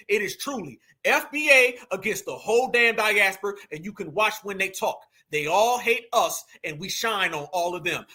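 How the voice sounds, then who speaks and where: A man delivers heated commentary in a very high, piercing voice. He is blunt and profane, hammering his points home. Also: sharp tone, breathy edge. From United States. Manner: fiery, blunt, profane, addresses viewers as family. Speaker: commentary show host.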